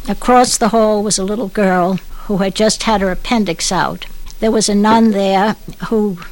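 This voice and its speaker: A woman's voice: mid-range voice, fairly even intonation, normal speed, rough recording. An older woman telling stories from her memories in an interview, chatty and light. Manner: chatty storyteller who laughs while recalling.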